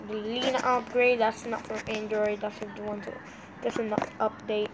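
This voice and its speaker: Over background noise, a woman vlogger speaks at a moderate pace in a flat, medium-pitched voice. She sounds sleepy and rambles through casual screen-recording commentary, getting frustrated easily and addressing her viewers directly.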